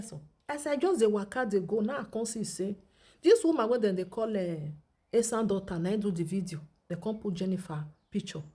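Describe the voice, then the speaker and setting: A woman's voice: fairly high pitch, a little mellow. A woman with a Nigerian accent giving chatty, teasing gossip commentary in a vlog, laughing often. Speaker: social media commentator.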